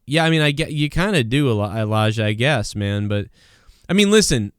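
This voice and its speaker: A man's voice: mid-range voice, expressive, brisk, clear, resonant tone, no room sound, clean studio sound. A man hosting a live stream show, chatting casually in a rambling, joking, slangy way.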